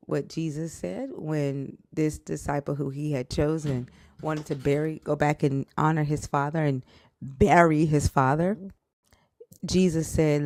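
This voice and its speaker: A woman's voice: low voice, measured pace, a little mellow, no echo. A woman speaking as a live stream guest, telling a personal story in a blunt, emotional, rambling way and swearing freely. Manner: rambling with restarts and quoted outbursts.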